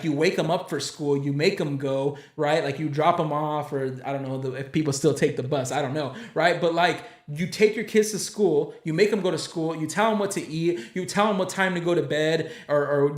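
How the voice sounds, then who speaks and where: A young adult man hosting a church podcast, talking casually with a rambling, preachy, animated delivery. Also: a little high. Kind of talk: casual chat. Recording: echoey room.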